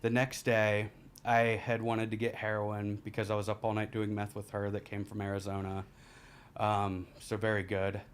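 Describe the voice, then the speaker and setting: Candid storytelling man, laughing at dark moments. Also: fairly low pitch, monotone, moderate pace, a little hiss or hum. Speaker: podcast guest. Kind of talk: casual storytelling.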